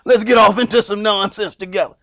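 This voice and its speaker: A man's voice: sits high, steady tone, fairly quick, sharp tone, no room sound, pitched below the performer's own voice. A man voicing a sly, tempting old self who coaxes his listener toward nonsense. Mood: coaxing.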